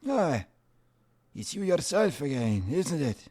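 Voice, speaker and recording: A man's voice: a little high, big pitch swings, takes it slowly, mellow, slightly rough, pitched above the performer's own voice, full character voice. A man voicing a drunk old man in a desert tavern who rambles theatrically and begs for beer. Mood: wheedling. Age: older.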